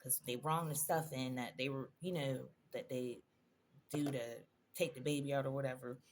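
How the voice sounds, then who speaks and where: A woman's voice: a bass voice, fairly even intonation, normal speed, a little hiss or hum. A woman in a personal vlog, telling a painful story in a conversational, emotional way, addressing viewers directly. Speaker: vlogger.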